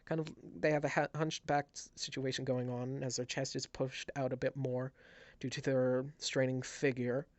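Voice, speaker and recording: A man narrating as game master, describing scenes with halting restarts. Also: mid-range voice, flat delivery, darkish tone, no room sound. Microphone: headset.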